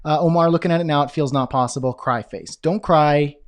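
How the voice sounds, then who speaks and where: Energetic man coaching on business. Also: a little high, brisk. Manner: energetic, repeats key phrases for emphasis; reads out viewer comments and answers them. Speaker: web design business coach. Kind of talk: live-streamed business coaching talk.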